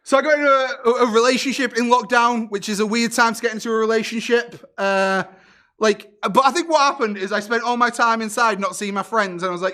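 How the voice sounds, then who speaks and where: High, bright-voiced comedian. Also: male voice, a little fast. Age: 30s. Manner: self-deprecating, punchy joke delivery. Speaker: stand-up comedian. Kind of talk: stand-up comedy set.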